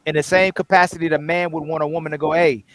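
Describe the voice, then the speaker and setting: A man's voice: fairly high pitch, little pitch movement, rapid-fire, a bit bright. A young man hosting a casual debate, often restarting his words and nodding along. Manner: frequent agreeing interjections, repeats words when starting. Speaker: host.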